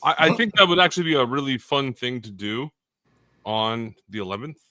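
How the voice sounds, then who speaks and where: Bright-voiced man chiming in. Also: medium pitch, fairly quick. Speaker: panel guest, navy veteran. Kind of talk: casual chat.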